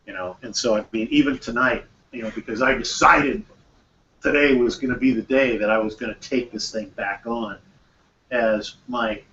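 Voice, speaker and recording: A man's voice: mid-range voice, moderate pace, pushed and bright. Distant man leading a group talk. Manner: conversational, repeats phrases, acts out quoted dialogue. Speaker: mastermind group host. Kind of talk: casual group discussion. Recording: distant, dull, faint room noise.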